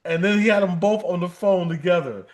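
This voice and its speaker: A man with a notably high voice hosts a relaxed livestream conversation. He reads viewer comments aloud and breaks into laughter often. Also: a little fast. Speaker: livestream co-host. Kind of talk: casual chat reading live chat.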